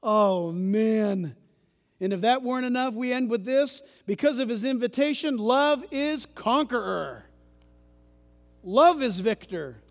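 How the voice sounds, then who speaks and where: High-voiced animated male preacher. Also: unhurried, creaky. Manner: animated preaching, swings from loud bursts to hushed asides. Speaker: pastor. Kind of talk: sermon. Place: church. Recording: reverberant church hall.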